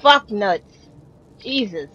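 A young woman streaming a horror game, cursing, yelling at the screen and laughing nervously as she plays. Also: medium pitch, lively intonation, slow pace, slightly rough, lo-fi sound. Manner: laughs nervously between jumps. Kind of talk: live gameplay commentary.

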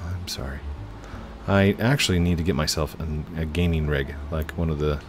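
A man's voice: a bass voice, steady tone, moderate pace, background noise. A man hosting casual let's-play commentary at his home computer, chatting to viewers and narrating his own moves. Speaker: gaming channel host.

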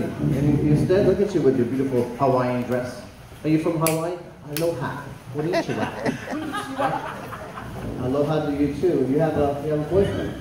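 A man doing stand-up in front of a live audience, teasing and chatting with the crowd in a loud, playful way. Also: fairly high pitch, normal speed, distant mic, background noise. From El Paso, Texas. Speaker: stand-up comedian. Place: comedy show stage with a live audience. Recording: echoey live venue, mic from afar. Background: audience laughter and chatter.

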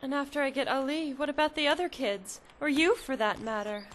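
A woman's voice: high-pitched, a little fast, slight background noise, lightly acted. A woman voicing an earnest, pleading mother searching for her lost son in a dubbed drama. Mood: resolute.

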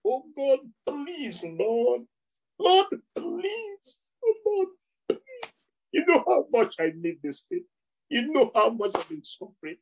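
A man's voice: wildly swooping pitch, slow pace, heavily acted, poor audio. Man putting on a tearful begging worshipper. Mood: desperate pleading. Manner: high wailing pleas, voice breaking. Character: desperate begging believer, tearful, pleading.

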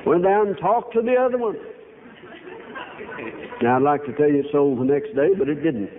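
An older man preaching a sermon, telling folksy, animated stories full of quoted dialogue. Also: on the high side, normal speed. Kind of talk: storytelling sermon. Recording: tinny phone-like archive recording, faint hiss.

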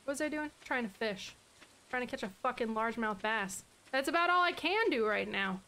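A woman streaming live gameplay, chatting to her viewers, swearing freely and talking softly to her dog. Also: on the high side, animated, brisk, slight background noise. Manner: swears often, chatty and exasperated; talks softly to her dog between game moments.

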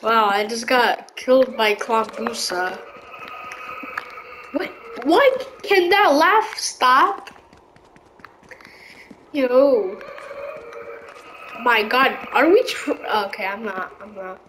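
A woman giving live gameplay commentary, excitable and slangy, often yelling reactions. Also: on the high side, extremely slow, pauses often, slight background noise, low-quality recording. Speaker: gaming video creator.

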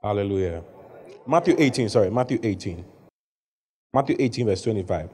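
Animated preacher man. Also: lowish voice, brisk, breathy edge. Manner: animated preaching, rising to shouts when acting out the story. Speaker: bishop preaching. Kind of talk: sermon.

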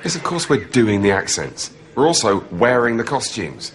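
A man bickers sarcastically in a scripted comedy exchange. He sounds exasperated, and his pitch moves around a lot. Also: sing-song, moderate pace.

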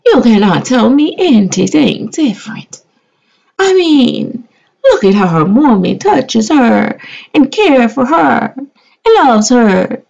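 A melodramatic narrator gushes in a raised, quavering voice, as a woman puts her on. The delivery is theatrical and sobbing, slow and gravelly underneath. The recording sounds dull and lo-fi. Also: fairly high pitch, sing-song, darkish tone, pitched above the performer's own voice, exaggerated voice. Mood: sassy. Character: melodramatic gushing woman doing a tearful, over-the-top voice-over.

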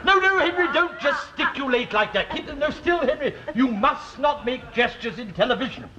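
An actor playing a pompous, flustered bishop in a 1960s studio sitcom, on a muffled old TV recording with faint hiss. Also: male voice, high voice, very animated, moderate pace, a crowd in the background. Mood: fussy. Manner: pompous, flustered, grandly quoting scripture. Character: pompous fussy middle-aged male bishop.

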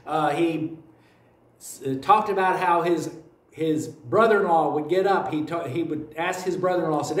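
This American pastor, speaking with a Kentucky accent, delivers a sermon built on folksy tales and recurring phrases. He talks at a moderate pace in a slightly high voice. Recorded in a church sanctuary, the sound echoes and he seems far from the mic.

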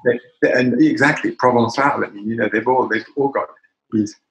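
Speaking a little fast with vocal fry in a mid-range voice, an older wine bar owner from Britain chats as an interview guest in a casual interview. He hesitates, restarts sentences often and uses plenty of fillers, with roomy echo and slight background noise in the recording.

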